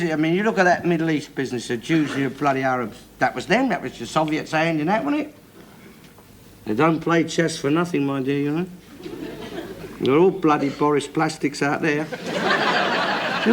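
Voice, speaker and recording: An actor playing a loud, bigoted middle-aged working-class man in a 1970s TV sitcom, ranting and swearing constantly. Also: on the high side, sing-song, moderate pace. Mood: lecturing. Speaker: bigoted head of the household. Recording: hissy old TV soundtrack.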